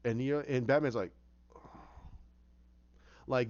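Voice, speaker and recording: A man excitedly telling a movie idea as a casual story, acting out scenes with sound effects. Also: fairly high pitch, normal speed. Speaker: fan pitching a film idea. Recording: muffled lo-fi recording.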